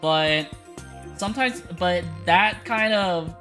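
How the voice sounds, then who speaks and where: A young woman giving casual let's-play commentary, chatty, excitable and laughing often. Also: fairly low pitch, slow. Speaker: game streamer. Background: game music.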